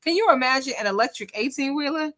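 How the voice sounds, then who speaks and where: A woman's voice: high voice, lively intonation, fast talker, fairly bright tone. A woman commentating on a live stream in casual chat, laughing and teasing as she talks to her chat. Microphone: desk microphone.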